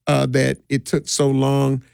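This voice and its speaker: A middle-aged man who works as a DJ tells stories in a relaxed, rambling way during a casual interview, with frequent restarts and laughs. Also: medium pitch, measured pace, vocal fry, smooth, dry recording, clean studio sound. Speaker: DJ and community party organizer.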